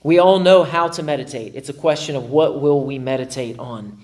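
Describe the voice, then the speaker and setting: A male pastor, mid-range in voice and speaking at normal speed, preaches to a live congregation. He's animated, frequently acting out his inner dialogue with self-mocking humor.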